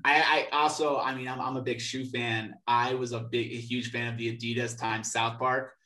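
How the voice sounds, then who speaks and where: A man's voice: mid-range voice, flat delivery, moderate pace, pushed and bright, distant mic. Easygoing man in an echoey room. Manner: easygoing, lots of filler words. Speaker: podcast co-host. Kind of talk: casual chat. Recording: roomy, echoey sound.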